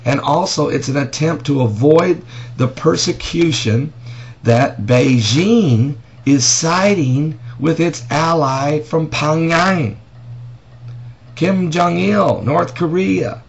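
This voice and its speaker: A man's voice: fairly high pitch, takes it slowly, creaky. A man, a pastor, talking through news and prophecy in a casual vlog, reading an article aloud and stopping to make emphatic points with pointed rhetorical questions. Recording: dull lo-fi audio with faint noise.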